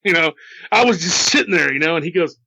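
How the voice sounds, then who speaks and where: A man's voice: a little high, lively intonation, fast, creaky, sharp tone, slightly rough, no room sound. A man casually telling a paranormal story he heard, chatty and repetitive, with asides to the listener. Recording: dull, slightly lo-fi dry sound.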